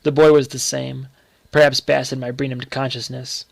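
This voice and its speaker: A man narrates a short story in a measured, dramatic manner. His voice is gravelly and dry, with no room sound around it. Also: mid-range voice, level tone, dry recording.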